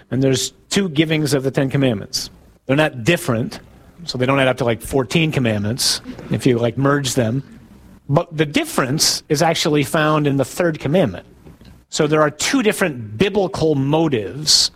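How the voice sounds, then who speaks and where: A man, a priest giving a conversational sermon who asks his listeners questions, tells jokes and laughs at his own stories. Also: medium pitch.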